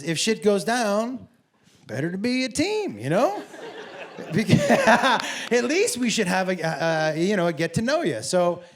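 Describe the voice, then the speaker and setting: A man doing stand-up storytelling on stage, animated and profane, acting out dialogue and bursting into shouts. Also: sits high. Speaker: stand-up comedian. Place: comedy stage before a live audience.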